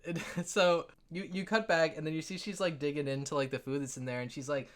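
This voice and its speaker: A man's voice: a little high, fairly even intonation, fairly quick, few pauses. A man narrating a tabletop game as game master, rambling and laughing as he tells the story.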